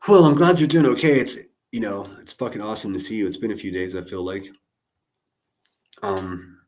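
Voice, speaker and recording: A man's voice: lowish voice, moderate pace, darkish tone. A man commenting live on a clip for his stream, talking with his chat in a heated, sarcastic, profane way.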